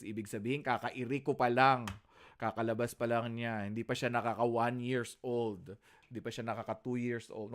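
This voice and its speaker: A man's voice: on the low side, steady tone, a little fast. Filipino guy teaching a class online, jokey, teases students, mixes english and tagalog. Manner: teasing, switches between English and Tagalog. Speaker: lecturer.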